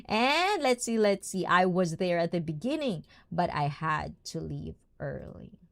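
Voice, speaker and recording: A bubbly woman with a fairly low voice hosts a casual livestream from home. She giggles often and chats warmly with her viewers. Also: very animated, unhurried, vocal fry. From Filipina-Japanese. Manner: bubbly, giggly, mixes in Tagalog and Japanese words. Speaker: livestream host. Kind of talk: casual livestream chat reading the chat.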